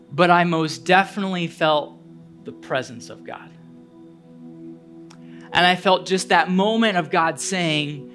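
A man's voice: sits high, pushed and bright. A male pastor preaching a sermon, telling a personal story earnestly and building to fervent appeals.

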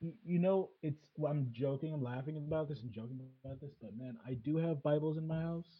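A man's voice: on the high side, a little fast, phone-quality sound. A man hosting a casual chat, hesitant and full of fillers and restarts. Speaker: podcast host.

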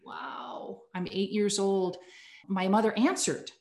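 A woman's voice: medium pitch, takes it slowly, a little mellow. Earnest woman telling a story, echoey room. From United States. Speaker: podcast guest, communications executive. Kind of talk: casual storytelling interview.

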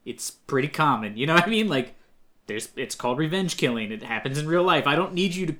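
A man's voice: fairly high pitch, expressive, fairly quick, pushed and bright. A man hosting a podcast in casual chat, sarcastic and rambling as he riffs. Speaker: podcast host.

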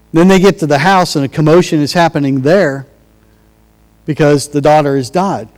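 Guy preaching a sermon, kinda high voice, talks casual, big echoey hall. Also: a little mellow. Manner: conversational, restarts and acted-out quotes. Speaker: pastor.

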